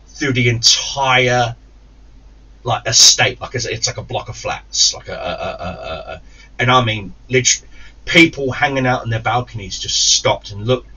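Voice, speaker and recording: A gaming YouTuber with a lowish, pushed, bright voice and a breathy edge tells a long, angry story in a storytelling rant. He swears constantly, stumbles and restarts, and raises his voice to imitate the people he quotes. The recording comes from a distant, muffled mic with faint hiss.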